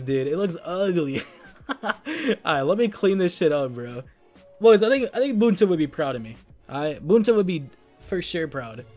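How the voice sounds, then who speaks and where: Young man, high-pitched voice, excitable slangy gaming commentary, faint music behind. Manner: excitable, slangy, laughs often. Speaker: gaming video host.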